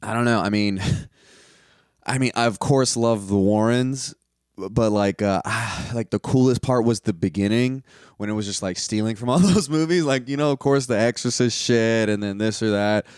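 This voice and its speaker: A man's voice: lowish voice, normal speed, clear, resonant tone, dry recording, studio quality. A young man giving a casual, profane movie review, rambling with lots of fillers and mocking scenes in put-on voices.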